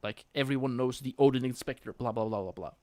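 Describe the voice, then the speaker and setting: A man's voice: mid-range voice, quick pace, darkish tone, no room sound. Chatty man with a dry close sound. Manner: chatty, with frequent restarts and laughs. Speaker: co-host. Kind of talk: casual podcast chat.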